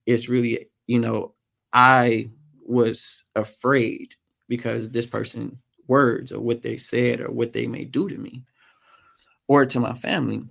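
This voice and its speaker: Gravelly man telling a hard story. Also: medium pitch, flat delivery, a bit bright. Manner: halting, frequent "um" pauses. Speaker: podcast guest, motorcycle racer. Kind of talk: personal storytelling in interview.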